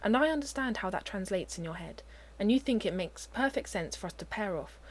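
A woman voicing an easygoing young man who teases and gets flustered, his lines pitched a little higher than her narration. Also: animated, fairly quick, close to an everyday voice. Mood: wry.

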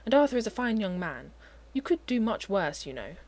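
A woman's voice: mid-range voice, big pitch swings, a little fast, a little mellow. A woman voicing a stuffy, uptight older upper-class man who speaks in clipped, disapproving replies. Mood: stiff.

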